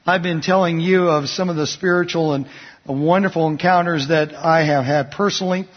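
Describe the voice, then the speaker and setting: A man with a somewhat high, breathy voice preaches a sermon in an easy, conversational way, asking his listeners questions and sharing stories. The sound is muffled and lo-fi, with a long hall echo behind him. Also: steady tone, normal speed. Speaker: pastor. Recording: dull lo-fi recording in a reverberant hall.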